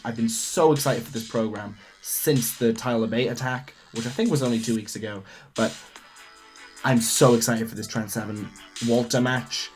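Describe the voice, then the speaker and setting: A young man, hosting a wrestling podcast alone, gushing as an excitable fan. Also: mid-range voice. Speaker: podcast host. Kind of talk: solo wrestling podcast rundown.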